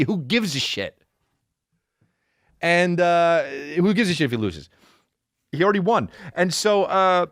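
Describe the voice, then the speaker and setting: A male podcast host rambles through a profane, comedic rant, his voice swinging up and down with lots of energy. He sits a touch higher than most men and is recorded close and dry in a studio, stumbling and restarting as he goes. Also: no echo. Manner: profane, rambling, animated storytelling with many restarts.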